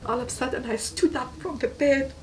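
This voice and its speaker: A woman from Tunisia, giving a personal testimony in an earnest, halting way and repeating words for emphasis. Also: high-pitched, recorded from a distance, a crowd in the background, poor audio. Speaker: guest giving a faith testimony.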